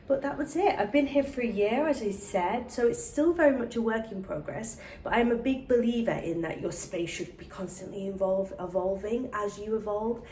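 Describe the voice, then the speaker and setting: Brief: woman vlogger, mellow tone, chatty and upbeat, talking straight to camera at home. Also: mid-range voice, animated, normal speed, a little hiss or hum. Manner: chatty, upbeat, addresses viewers directly. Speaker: lifestyle vlogger. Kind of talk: casual home-tour vlog. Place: indoors in her apartment.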